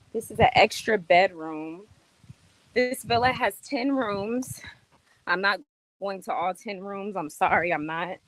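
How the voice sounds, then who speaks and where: A woman chatting to viewers in a casual live stream while showing a rental villa, talking in a slangy, relaxed way. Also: medium pitch. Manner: chatty, addresses viewers, drops into slangy speech. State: out of breath from climbing stairs. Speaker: vlogger touring a rental villa.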